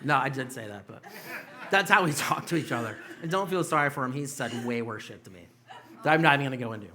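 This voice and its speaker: A man's voice: medium pitch, expressive, fast, crowd noise. A young man doing a stand-up set in a small comedy club, telling loose, profane stories with mocking quoted voices.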